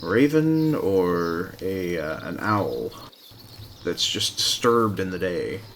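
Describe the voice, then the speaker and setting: Rambling low-voiced male game streamer. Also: big pitch swings, slow, fairly bright tone, slight background noise. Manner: rambling, self-mocking asides. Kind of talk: casual gameplay commentary.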